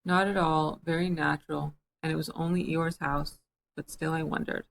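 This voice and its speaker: A woman's voice: low-pitched, little pitch movement, normal speed, creaky, slight background noise. A woman voicing a gloomy old male donkey who grumbles in a melancholy way while reading a storybook aloud.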